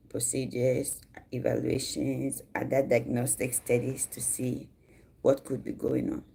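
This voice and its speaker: Slow gravelly-voiced woman from Ghana. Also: rumbling low, dark tone. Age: 40s. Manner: chatty, greets viewers mid-talk. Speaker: livestream host. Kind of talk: casual livestream talk.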